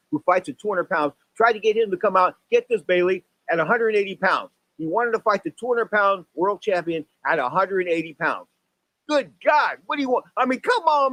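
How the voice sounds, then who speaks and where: A man in his sixties hosting a boxing radio talk show, rambling through stories and jumping up in pitch for exclamations and acted-out quotes. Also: no echo, poor audio. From San Francisco Bay Area. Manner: animated storyteller, voice jumps up for exclamations and acted quotes.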